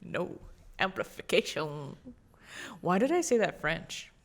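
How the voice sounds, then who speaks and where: A young woman co-hosting a podcast in casual chat, swearing a lot and making quick teasing remarks. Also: mid-range voice, lively intonation, background noise. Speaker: podcast co-host.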